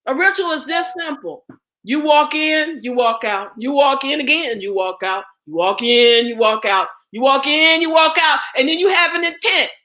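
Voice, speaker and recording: High, lively, blunt-talking woman. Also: moderate pace. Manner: blunt and profane, preachy, rhetorical questions. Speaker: guest speaker and ritual class teacher. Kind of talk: impassioned spoken address.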